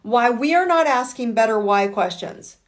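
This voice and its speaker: A woman's voice: fairly high pitch, lively intonation, normal speed. A woman life coach giving a blunt motivational talk on a live call, swearing and firing off rhetorical why questions.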